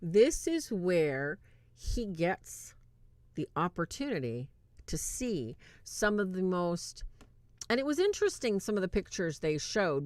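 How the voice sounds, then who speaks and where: A woman's voice: mid-range voice, no room sound. A woman hosting a casual livestream movie review, eagerly retelling scenes and checking in with her chat.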